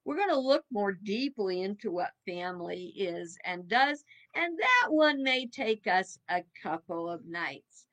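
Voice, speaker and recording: A woman's voice: medium pitch, very animated, unhurried, a bit bright. A woman in her seventies, a minister giving a reflective evening talk in a folksy, musing way with chuckles. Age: 70s.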